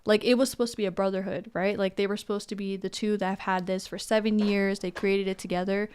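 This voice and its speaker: A woman's voice: medium pitch, flat delivery, fast talker, a little mellow, clean tone. A woman speaking as a guest on a casual podcast, candid and opinionated, laughing often.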